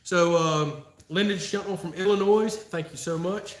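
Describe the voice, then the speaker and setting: A man from Florida, USA, with a high voice and steady tone, hosts a casual live-stream Q&A, talking a little slowly. He answers live chat in a folksy way, laughing often, and the recording has a roomy echo.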